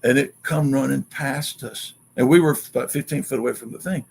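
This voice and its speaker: A man telling an excited story as a guest, acting out quotes and sounds in an animated way. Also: mid-range voice, brisk, vocal fry, a little hiss or hum.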